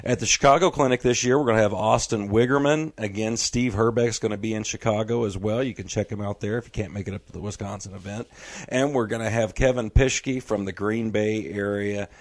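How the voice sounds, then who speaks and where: Deep-voiced man hosting a fishing show. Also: dry recording. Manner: rapid-fire announcer reading event details, then relaxed chat. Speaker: podcast host. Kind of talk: casual show talk and announcements.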